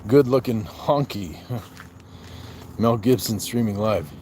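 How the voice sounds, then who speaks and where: Fairly low and a little mellow, a Southwest US man takes his time while hosting a casual livestream outdoors on a walk, with slight background noise. He reads viewer comments aloud and answers them with playful, bantering asides.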